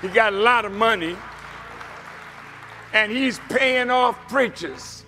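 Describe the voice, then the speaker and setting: A man delivering a sermon as a minister, swinging between hushed lines and shouted points. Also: high voice, slow pace, pauses often, big-room sound, some chatter behind, a little hiss or hum.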